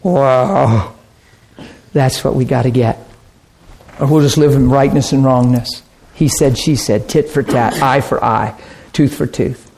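A man preaching a sermon, animated and chatty, acting out harsh voices and laughing often. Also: mid-range voice, normal speed, a little hiss or hum.

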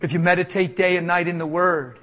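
A man with a high-sitting, steady voice preaches a sermon a little fast, his delivery exuberant and emphatic, with chuckles between points. The recording sounds dull and lo-fi, carrying a long hall reverb.

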